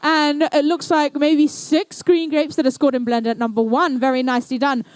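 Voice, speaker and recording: A woman's voice: high-pitched, level tone, normal speed, no echo. A woman commentating a live indoor competition and emceeing it, with playful, jokey banter aimed at the crowd.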